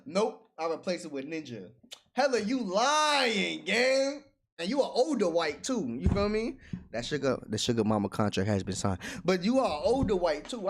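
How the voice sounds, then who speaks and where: A man's voice: high voice, a bit bright. A man hosting a casual livestream, talking in slang, reading chat aloud and laughing often.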